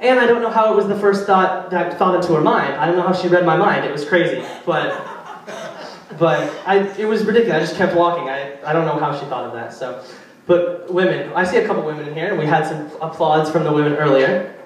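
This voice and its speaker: A man's voice: a little high, fairly quick. A young man performing a stand-up routine at a live venue, chatty and rambling, teasing the audience. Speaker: stand-up comedian. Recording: echoey venue, far from mic.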